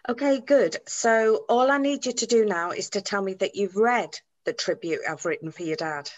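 An actress playing a funeral celebrant who is polite, patient and well-spoken. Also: female voice, medium pitch, normal speed, muffled recording, lightly acted. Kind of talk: comedy series acting on a video call.

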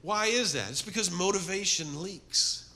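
A middle-aged man preaching a sermon to a men's group, telling stories with energy and then dropping to a soft, earnest appeal. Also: high-pitched, normal speed. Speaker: men's ministry speaker.

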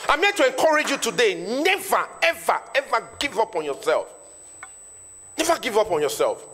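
A man's voice: very high voice, big pitch swings, moderate pace, pushed and bright. A Nigerian man in his thirties, a network marketing trainer, giving an emphatic motivational speech to an audience and repeating lines for effect. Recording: long reverb in a hall.

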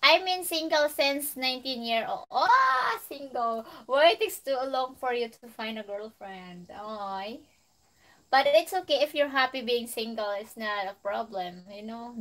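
A woman with a Filipino accent hosts a relaxed live stream. Her voice sits a little high, and she talks slowly. She laughs often, drops in Filipino phrases, and reads viewer comments aloud. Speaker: livestream host. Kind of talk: casual live-stream chat.

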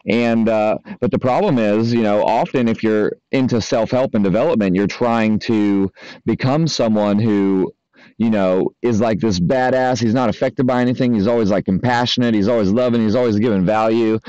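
A man's voice: fairly low pitch, fairly even intonation, moderate pace, dark tone, no echo. A man, a spiritual coach, talking loosely and casually to his listeners, with many fillers and the odd swear word. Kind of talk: casual spoken monologue. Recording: dry, slightly dull lo-fi audio.

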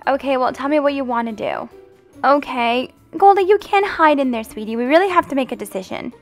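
A woman hosting a family game roleplay as the mom, gentle and motherly in a singsong way. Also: high voice, animated, a little fast, faint music behind. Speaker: channel host roleplaying the mom.

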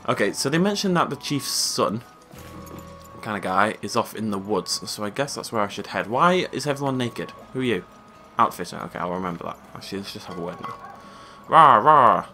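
A man's voice: on the low side, expressive, a little fast, bright, forceful tone, soft background music. Chatty, wry man playing a game. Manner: chatty, wry, talks to himself. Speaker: let's play gamer. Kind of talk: casual gameplay commentary.

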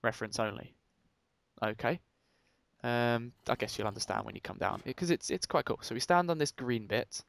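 A man's voice: medium pitch, expressive, moderate pace, vocal fry, fairly bright tone. A young man co-hosting a Let's Play, reading in-game signs aloud and bantering casually. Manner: joking, reads in-game text aloud. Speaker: gaming co-host.

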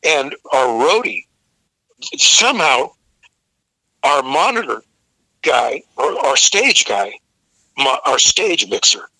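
Older man, rock singer, very bright tense tone, dry close sound, profane animated storyteller. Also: fairly high pitch, no room sound, low-quality recording. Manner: profane, animated anecdote-telling with restarts. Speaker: rock singer, interview guest. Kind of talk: casual interview storytelling.

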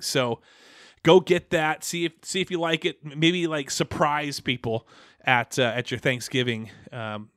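Man, young adult, podcast host, slightly out of breath, rambling, bright tone, dry close sound. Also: medium pitch, no room sound. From Pacific Northwest. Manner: rambling, loose, with many fillers and restarts. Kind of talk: casual podcast chat.

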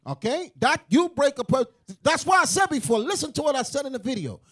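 Male preacher, very high pitch, emphatic, climbs to shouting. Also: big pitch swings, a little fast. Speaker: teacher in a religious group. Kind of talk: preaching to a room.

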